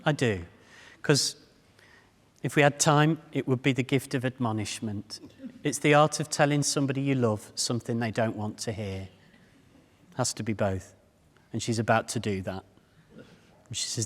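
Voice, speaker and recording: A man's voice: mid-range voice, animated, moderate pace. A man in his fifties giving a public talk, telling humorous stories and speaking straight to the audience. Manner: humorous storytelling, addresses the audience directly. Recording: long reverb of a hall.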